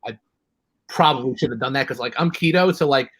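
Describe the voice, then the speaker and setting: Brisk and medium-pitched, this host's voice is a bit bright with a breathy edge, in a dry, rough recording. He has a New York accent and chats casually, rambling through stories and restarting often.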